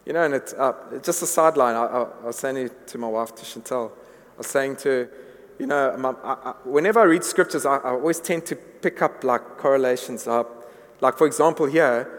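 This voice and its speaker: A man's voice: mid-range voice, a little fast. Earnest male preacher in an echoing hall. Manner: earnest, repeats words when building a point. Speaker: pastor. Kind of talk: sermon. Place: church hall. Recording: long reverb of a large hall.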